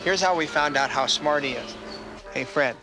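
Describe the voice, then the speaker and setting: A man's voice: fairly high pitch, normal speed. A man training animals, coaxing a bird through its act in an encouraging voice.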